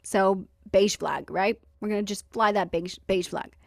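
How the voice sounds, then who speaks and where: A woman's voice: mid-range voice, a little slow, gravelly, no room sound. Woman host, chatty and wry, acts out the quotes, dry close mic. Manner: lively, wry storytelling with acted-out quotes and laughter. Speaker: podcast host. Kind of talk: casual storytelling chat.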